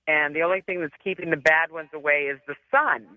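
A man with a smooth, fairly high voice speaks over a thin phone line to a radio host. He sounds earnest and asks probing questions. The line is dry and close. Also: fairly quick, no room sound. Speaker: caller. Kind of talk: chat on a radio call-in show.

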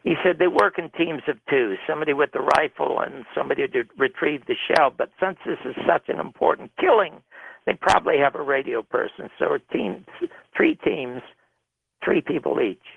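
Man storyteller, gravel in the voice, somewhat high, tinny phone-line radio sound, dry. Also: normal speed, no room sound. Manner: animated storyteller, shouting out quoted arguments. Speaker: television producer telling his story. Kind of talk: recounting a story in an interview.

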